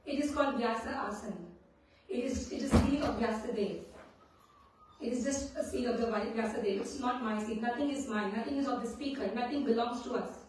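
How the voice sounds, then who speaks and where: A woman's voice: a little high, a little fast, a little mellow, slight background noise. A woman from India, giving a devotional scripture class and telling stories that often check in with the listeners. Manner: storytelling, often checks in with "right?". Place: temple hall. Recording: very echoey hall, mic at a distance.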